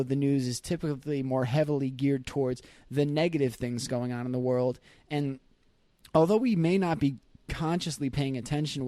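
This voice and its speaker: A man's voice: medium pitch, mellow, no room sound. A man hosting his own podcast, telling a candid personal story in a conversational, reflective way with light laughs. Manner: conversational, acts out his own thoughts in quoted voices. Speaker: podcast host.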